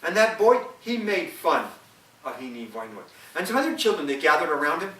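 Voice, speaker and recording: Lively man telling an old legend. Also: fairly high pitch. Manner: repetitive, halting, explains old customs. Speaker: storyteller. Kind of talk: oral storytelling of a legend. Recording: roomy, from a distance.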